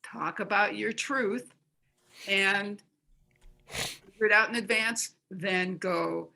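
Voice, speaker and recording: Bright-voiced woman giving practical tips. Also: mid-range voice, steady tone, slow, gravelly. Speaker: interview guest, self-help author. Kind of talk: conversational interview.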